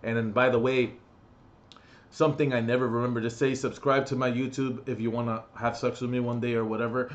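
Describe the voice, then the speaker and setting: A man's voice: mid-range voice, level tone, a little fast, lo-fi sound. A young man ranting in a gaming vlog, swearing and angry, mocking other players in between. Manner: angry, profane ranting with mocking put-on quotes. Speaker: gaming vlogger.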